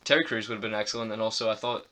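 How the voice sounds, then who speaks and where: Bright-toned teenage boy reviewing films. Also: lowish voice, fairly even intonation, rapid-fire, slight background noise. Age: teens. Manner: chatty, repeats words and restarts, casual swearing. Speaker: podcast co-host. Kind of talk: casual film review chat.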